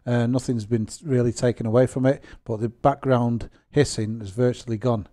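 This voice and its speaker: Chatty man with a mellow voice. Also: mid-range voice, steady tone, normal speed. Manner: chatty and rambling, with self-deprecating jokes. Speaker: gaming channel host. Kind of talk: software tutorial narration.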